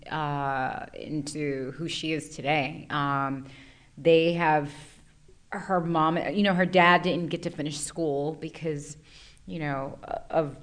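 An actress answering interview questions in a chatty, rambling way with many fillers. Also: female voice, deep voice, a bit bright.

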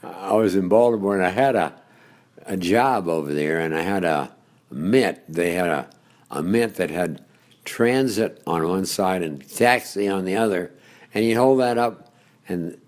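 An older man, a longtime radio host, telling stories in an interview, rambling with chuckles and pauses. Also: low voice, expressive. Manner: rambling storyteller with frequent uh's and chuckles. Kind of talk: reminiscing interview.

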